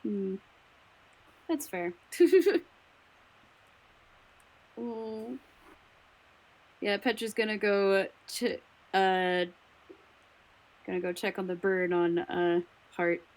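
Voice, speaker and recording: A woman playing a tabletop role-playing game, describing her character in a soft, hesitant way with many fillers. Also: medium pitch, extremely slow, long pauses. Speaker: player. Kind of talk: tabletop role-play chat.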